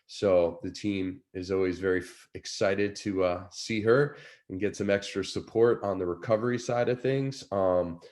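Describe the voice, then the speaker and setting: A low-voiced man, speaking over a video call. His voice sounds nasal from a cold, and he talks haltingly, with fillers and restarts. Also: a little mellow. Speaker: head swim coach. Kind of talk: video call panel talk.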